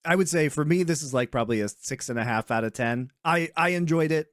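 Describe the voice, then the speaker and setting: A man's voice: on the high side, brisk, no room sound, studio quality. A man co-hosting a casual podcast chat, opinionated, laughing often and restarting his sentences. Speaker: podcast co-host.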